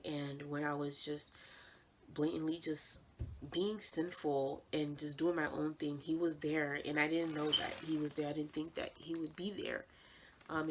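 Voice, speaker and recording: A woman's voice: low voice, slight background noise, poor audio. A young woman sharing a personal faith testimony, earnest and heartfelt, often repeating her phrases for emphasis.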